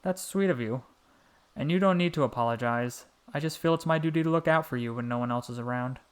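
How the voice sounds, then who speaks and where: A man voicing a small, gentle and wise male frog who speaks softly and protectively. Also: mid-range voice, fast talker, smooth, natural voice. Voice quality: soft little voice. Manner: warm, fatherly, calls the boy "little one".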